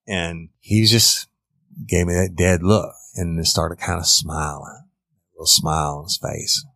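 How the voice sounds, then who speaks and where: Ex-detective, deep voice with a flat delivery, blunt and profane, matter-of-fact storyteller. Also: male voice, unhurried, vocal fry. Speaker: former police detective. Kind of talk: storytelling in an interview.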